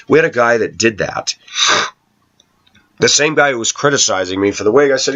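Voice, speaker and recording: A YouTube host talks casually to the camera in a medium-pitched, very animated voice, moving fairly quickly. He rambles sarcastically through stories from work, and the slightly bright audio has its highs cut off.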